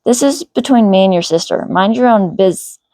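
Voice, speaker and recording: A woman's voice: mid-range voice, animated, normal speed, mellow, dry recording, natural voice. A woman voicing a jealous teenage boy who pleads and apologizes to his ex-girlfriend. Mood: pleading.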